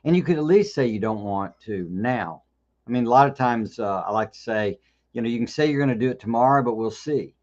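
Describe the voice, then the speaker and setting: Guy hosting a live q&a, mid-pitched, keeps restarting his sentences, kinda dull lo-fi audio. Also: lively intonation, brisk, darkish tone. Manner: conversational, repeats words and restarts often. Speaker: host. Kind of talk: live Q&A talk.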